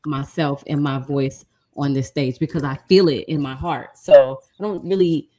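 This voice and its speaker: Low-voiced, strong-willed woman comic. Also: steady tone, moderate pace, mellow, slight background noise. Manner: strong-willed, blunt, earnest. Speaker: stand-up comedian. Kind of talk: casual chat.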